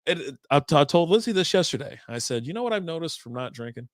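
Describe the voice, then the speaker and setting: A man co-hosting a casual podcast, telling golf stories with lots of laughter, acting out shouted quotes and swearing freely. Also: fairly high pitch, sing-song, fast talker, dry recording, studio quality. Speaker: podcast co-host. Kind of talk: casual chat, storytelling.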